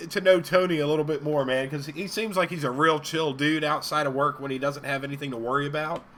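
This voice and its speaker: A man's voice: on the high side, fairly even intonation, quick pace, sharp tone. A man co-hosting a live stream show, telling long rambling stories and laughing often. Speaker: co-host. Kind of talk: casual chat.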